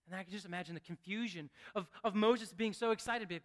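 A man preaching a sermon in a chatty, conversational way, with restarts and asides, swinging from hushed to excited. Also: sits high, fast, hardly any pauses. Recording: long hall reverb.

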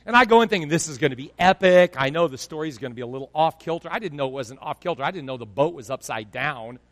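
A male pastor preaching a sermon in an animated storytelling way, swinging between loud bursts and hushed asides. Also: on the high side, fast, in a large hall.

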